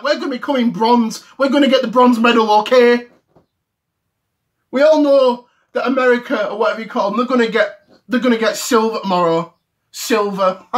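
Man as English footie fanboy, mid-30s, high-pitched, indignant repetitive rant. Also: fairly bright tone. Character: ranting English football fan, man in mid-thirties, easily offended. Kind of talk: comedy sketch rant to camera.

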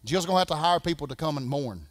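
A Southern man preaching a sermon as pastor, swinging from shouting to a hush. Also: on the high side, lively intonation, fast talker, dry recording. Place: church sanctuary.

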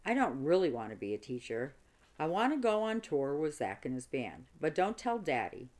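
Woman voicing young female teacher, dramatic, whiny, storybook reading, lively pitch. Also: moderate pace. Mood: confiding.

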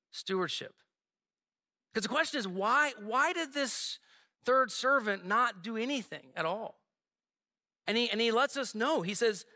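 A man preaches from the pulpit with a very high, bright voice. He talks in a loose, conversational way, cracking jokes and slipping in asides to his church. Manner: conversational and joking, with frequent asides. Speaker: pastor. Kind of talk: sermon. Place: church sanctuary.

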